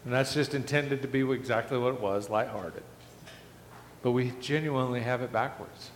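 A man's voice: mid-range voice, steady tone, normal speed, a little hiss or hum. A man preaching a sermon, asking the congregation earnest rhetorical questions. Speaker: pastor. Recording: echoey hall with faint ambience.

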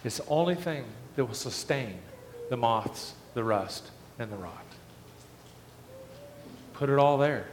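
A man's voice: medium pitch, lively intonation, a little slow, long pauses, background noise. A man preaching a sermon, asking the congregation earnest rhetorical questions. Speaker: pastor. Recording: echoey hall with faint ambience.

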